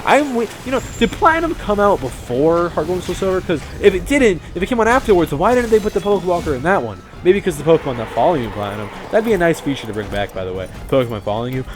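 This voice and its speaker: A man's voice: on the high side, quick pace, hardly any pauses. Rambling, foul-mouthed young man. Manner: rambling, profane, animated storytelling. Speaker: game commentator. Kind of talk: casual let's-play commentary.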